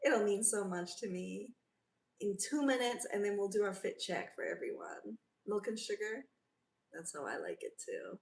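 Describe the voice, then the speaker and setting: A woman's voice: medium pitch, very animated, normal speed. Chatty woman livestreaming from a roomy space. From South Africa. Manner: chatty, reads out and answers viewer comments. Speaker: livestream host. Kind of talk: casual livestream chat. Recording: roomy, from a distance.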